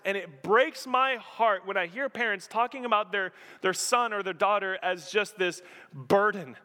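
A man preaching a sermon as pastor, impassioned, swinging from loud emphatic appeals to soft, hushed storytelling. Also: sits high, moderate pace. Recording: long reverb of a large hall.

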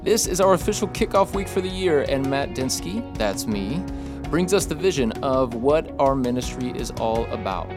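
A man reading a friendly scripted introduction to a church youth podcast. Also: medium pitch. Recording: intro over guitar music.

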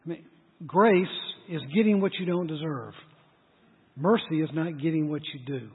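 Husky high-voiced man preaching in a hall. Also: moderate pace. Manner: animated, acts out dialogue in story. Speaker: pastor. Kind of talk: sermon with storytelling. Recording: tinny phone-like sound with long hall reverb.

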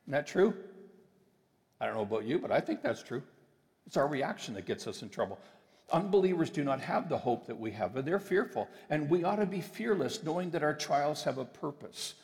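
A man's voice: fairly high pitch, sing-song, creaky, a little mellow. Emphatic male preacher in an echoing hall. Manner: emphatic, with deliberate slowed phrases. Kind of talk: sermon. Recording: long reverb of a large hall.

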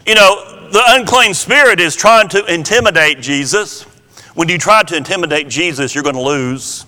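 A man preaching a Bible-teaching sermon, slow and emphatic, often repeating his words for emphasis. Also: high-pitched, lively intonation, sharp tone, big-room sound.

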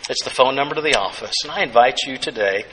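A male pastor preaching a sermon, earnest and gentle, repeating key phrases softly for emphasis. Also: medium pitch, fast, a little hiss or hum, low-quality recording.

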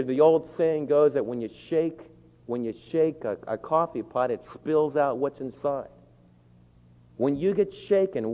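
A man preaching a sermon, animated, acting out quoted voices with sudden loud outbursts. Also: medium pitch. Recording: dull lo-fi sound in a reverberant hall.

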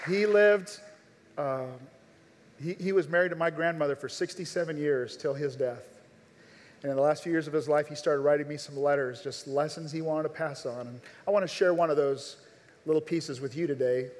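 A man's voice: fairly high pitch, moderate pace. A man preaching a sermon at a live church service, making earnest, urgent appeals straight to his listeners. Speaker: pastor. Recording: long reverb of a large church hall.

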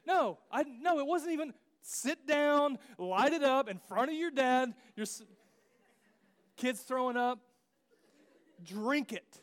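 A man's voice: very high-pitched, expressive, a little slow, fairly bright tone. A young man preaching a casual sermon, joking and acting out biblical figures in slang asides. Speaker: pastor.

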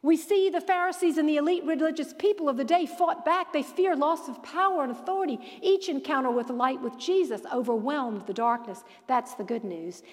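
High-voiced woman teaching in a reverberant hall. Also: a little fast, hardly any pauses. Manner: animated storyteller who acts out quoted dialogue. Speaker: Bible study teacher. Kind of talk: lively preaching-style Bible lesson.

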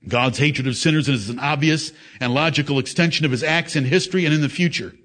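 A man preaching a fiery sermon, swinging between loud, raised declaiming and low, intense reasoning, and scolding his listeners directly. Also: fast, hardly any pauses.

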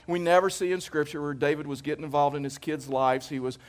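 Pastor with a fairly high, conversational voice. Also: male voice, level tone, fast talker. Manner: conversational, anecdotal preaching with jokes; emphatic, repeats phrases for effect. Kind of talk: sermon.

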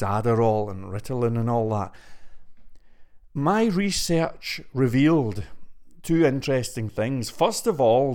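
A man's voice: mid-range voice, darkish tone. Male vlogger, conversational, winded and rambly, middle-range voice. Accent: non-American English. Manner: chatty and rambling, addresses viewers directly. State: out of breath from pacing. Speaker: web development vlogger. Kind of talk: casual to-camera vlog. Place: indoor room.

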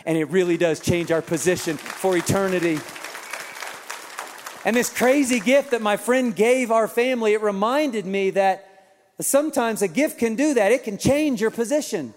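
A man pastor telling a lively story in an Easter sermon, acting out voices and laughing along with the crowd. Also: high-pitched, normal speed, slight background noise. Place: large church auditorium. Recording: long reverb of a large hall.

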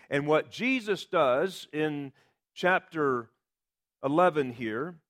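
Man preaching an expository sermon. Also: on the high side. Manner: expository preaching with emphatic quoted scripture. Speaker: pastor.

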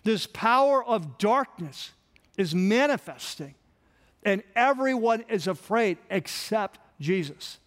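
A pastor delivers an earnest sermon, pressing his points with emphasis and pauses. His voice sits high for a man, and the sound trails off into a long hall reverb. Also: animated, fairly bright tone.

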